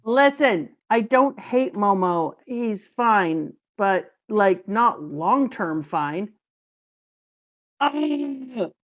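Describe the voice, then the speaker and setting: Woman from Canada, middle-aged, loud, jokey, swearing, casual stream chat, home mic on a voice call. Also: mid-range voice, lively intonation, extremely slow. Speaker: co-host and teacher. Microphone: home microphone over a voice call.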